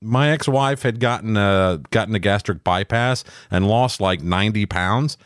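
A man's voice: fairly low pitch, moderate pace, dry recording, studio quality. A middle-aged man, co-host of a podcast, telling stories in a blunt, profane, casual way. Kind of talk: casual chat.

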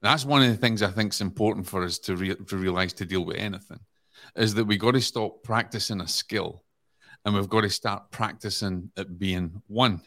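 Scottish male guest, very low register, calm reflective storyteller. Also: moderate pace. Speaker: podcast guest. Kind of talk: casual podcast talk.

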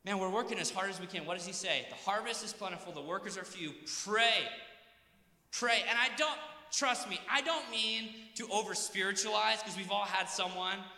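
High-voiced earnest man preaching in a hall. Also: fairly quick, sharp tone. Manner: earnest, preacherly, leads call-and-response. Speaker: pastor. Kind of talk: conference sermon. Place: conference hall. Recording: echoey hall, live PA sound.

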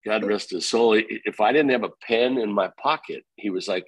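A middle-aged man, a real estate company founder, being interviewed, telling energetic stories and acting out what people said. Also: fairly low pitch, fairly quick, no echo, poor audio. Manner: energetic storyteller, quotes himself and others. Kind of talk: conversational interview.

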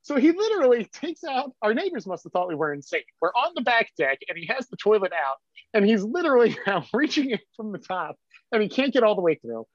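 A man's voice: high-pitched, very animated, a little fast, dry recording, dull audio. A man from South Jersey, a podcast guest, telling stories in a rambling way full of fillers. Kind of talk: casual storytelling.

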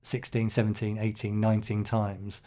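A middle-aged man, a headteacher, answering podcast interview questions in a thoughtful, measured way with frequent ums and restarts. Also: on the low side, little pitch movement, warm tone.

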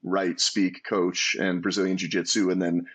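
Man in his 40s, low husky voice, earnest storyteller, interview guest. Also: normal speed. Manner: earnest, animated storytelling with restarts. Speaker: guest, entrepreneur.

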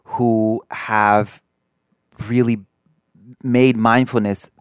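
A man's voice: fairly low pitch, flat delivery, extremely slow, smooth, dry recording, clean studio sound. Hesitant male podcast guest. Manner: thoughtful, hesitant, many fillers. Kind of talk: casual conversation.

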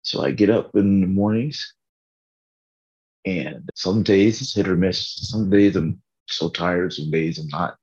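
A man's voice: low voice, measured pace, a little mellow, slightly rough, lo-fi sound. A tired man in a casual faith vlog, earnestly rambling about his morning prayer from his bedroom. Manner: earnest, rambling, laughs at himself.

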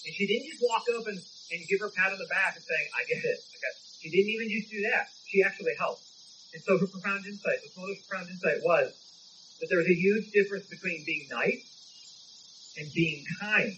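A man with a fairly high voice, preaching. He tells stories in an emphatic, conversational way, with a faint hum behind him. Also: brisk, pushed and bright, low-quality recording. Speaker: pastor. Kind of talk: sermon.

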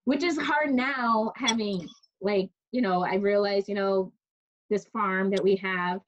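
A woman's voice: medium pitch, a little slow. A woman telling stories in a casual conversation, chatty, full of restarts and "like", often laughing. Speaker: interviewee. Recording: dull lo-fi recording.

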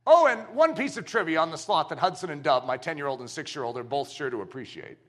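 Animated, high-voiced male preacher. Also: moderate pace, few pauses. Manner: animated, playful and emphatic. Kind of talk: sermon.

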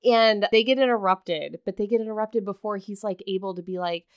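A woman's voice: fairly quick, clean tone, no room sound, clean studio sound. Chatty woman retelling a novel. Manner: animated retelling, acts out quotes in a lowered voice. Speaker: podcast co-host. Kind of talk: casual chat recapping a book.

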